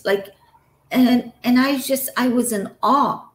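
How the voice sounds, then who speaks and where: Casting: woman guest, slow, heartfelt storytelling, roomy echo. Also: fairly high pitch. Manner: emotional, trails off and laughs between phrases. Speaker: interview guest. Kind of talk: personal storytelling.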